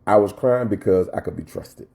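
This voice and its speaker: A pastor preaching a sermon, telling a personal story with many repeated phrases and climbing into fervent preaching. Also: male voice, lowish voice, moderate pace, warm tone, slight background noise. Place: church.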